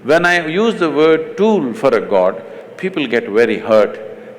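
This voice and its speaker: A man's voice: mid-range voice, very animated. Middle-aged Indian man, spiritual teacher; emphatic, teasing, leans on words; faint noise behind. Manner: emphatic, teasing, slow deliberate stresses. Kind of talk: stage conversation with an interviewer.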